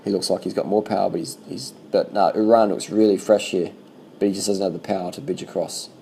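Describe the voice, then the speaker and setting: Gravelly low-voiced man, casual race chatter. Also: fast, slight background noise, low-quality recording. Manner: swears freely, talks in loose animated bursts. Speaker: cycling vlogger commenting on race footage. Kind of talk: casual reaction commentary.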